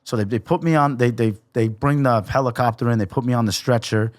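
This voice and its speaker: Young man, podcast guest, casual swearing storyteller, dry close sound, mid pitch. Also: fairly quick, no room sound. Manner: profane, animated storytelling with acted-out quotes.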